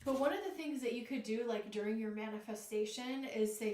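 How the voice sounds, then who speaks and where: A woman's voice: a little high, darkish tone, far from the mic, a little hiss or hum. A woman with a Northeast Ohio accent giving a live tarot reading, easygoing and full of fillers. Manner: slow and easygoing, many fillers. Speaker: tarot reader. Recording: echoey room, voice away from mic.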